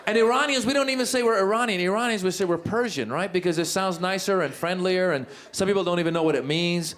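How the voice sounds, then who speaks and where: A man from Iran performing a stand-up comedy set on stage, animated and acting out characters with drawn-out and rapid put-on voices. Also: sits high, noisy background. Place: comedy venue with live audience.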